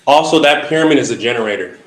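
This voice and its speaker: A man hosting and interpreting a dream in a measured, halting, explanatory way. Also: mid-range voice, animated, fairly bright tone, roomy sound. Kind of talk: spiritual interpretation chat.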